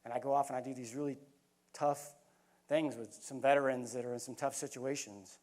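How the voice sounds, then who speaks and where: A man's voice: medium pitch, fairly even intonation, fairly quick, darkish tone. A middle-aged man giving a motivational speech at a conference, telling stories in an earnest, folksy way and calling the crowd "y'all". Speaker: keynote speaker. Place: conference hall.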